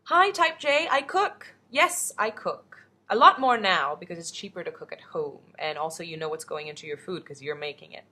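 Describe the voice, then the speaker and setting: A woman's voice: low-pitched, fairly quick, hardly any pauses, sharp tone. A young woman from the Philippines, an actress chatting upbeat through fan questions on a webcam, rambling into asides. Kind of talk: casual webcam Q&A. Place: indoors at home.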